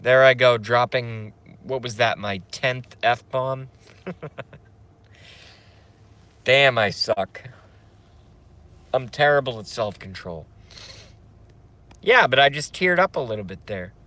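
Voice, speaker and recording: A man's voice: mid-range voice, expressive, takes it slowly, long pauses, bright, forceful tone. A man hosting a casual livestream, rambling, swearing, and reading out viewer comments. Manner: rambling, profane, emotional; reads chat comments aloud. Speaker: livestream host.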